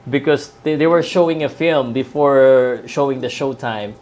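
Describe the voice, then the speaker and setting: A man's voice: mid-range voice, normal speed, darkish tone. A man from the Philippines, a professional commentator, chatting loosely about boxing and MMA on a live stream, with many fillers and restarts. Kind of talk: live fight-night talk.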